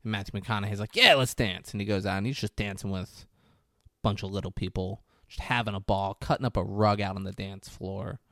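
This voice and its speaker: A man with a lowish voice tells a movie's story in loose, profane chat. He acts out the lines as he goes. His voice sounds dry and close. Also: fairly quick, no room sound. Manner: animated storytelling, acting out quoted lines, profane. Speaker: podcast co-host. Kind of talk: casual movie recap chat.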